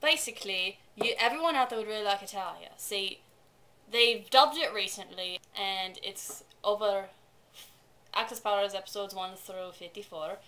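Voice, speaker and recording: A woman's voice: medium pitch, moderate pace, sharp tone, a little hiss or hum. A woman co-hosting a casual anime review in a chatty, rambling way, swearing now and then. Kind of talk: casual co-hosted review chat.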